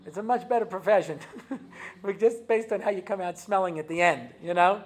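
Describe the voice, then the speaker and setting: A man's voice: high voice, normal speed, slight background noise. An American man lectures an audience as a rabbi and spins funny stories from his own life. He talks in a loose, chatty way, full of asides and small fillers, and drops into Hebrew phrases when he acts out a scene. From United States. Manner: chatty storytelling, many asides and fillers, jokes, switches into Hebrew. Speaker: rabbi giving a talk. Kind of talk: humorous lecture with acted-out anecdotes. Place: talk given to an audience.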